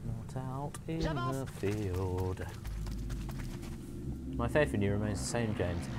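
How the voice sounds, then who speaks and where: An English man hosting a gameplay livestream, chatty and excitable, joking with his chat. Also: lowish voice, takes it slowly, pauses often, noisy background. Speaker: livestream host.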